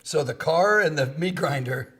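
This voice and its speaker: A man's voice: fairly high pitch, animated, normal speed, fairly bright tone, slightly rough. A man hosting an interview, asking questions in a playful conversational way. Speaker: interviewer host.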